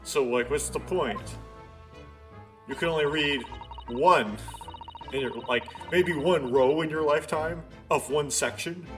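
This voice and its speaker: A man's voice: a little high, unhurried. Rambling casual let's-play guy. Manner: rambling, offhand, lots of "like". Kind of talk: casual gameplay commentary. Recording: game music playing underneath.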